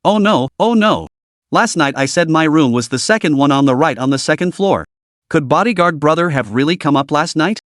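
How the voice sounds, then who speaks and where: A naive young girl who blurts out her thoughts, flustered and bouncy, pitched high. A male narrator puts her on in a dry, close storybook reading. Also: animated, brisk, no room sound, natural voice.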